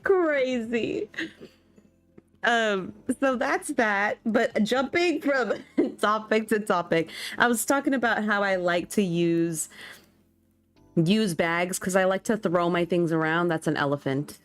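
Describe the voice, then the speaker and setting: Animated young woman chatting on stream. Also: mid-range voice, measured pace, faint music behind. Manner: animated, laughs often, reacts to chat. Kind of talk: casual livestream chat with viewers.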